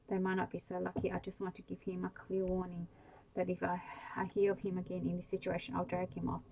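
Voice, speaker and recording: A woman reading as a fatherly old-school policeman, low and creaky. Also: poor audio. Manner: gently firm, fatherly. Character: kindly middle-aged male country policeman. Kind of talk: soft-spoken bedtime story reading.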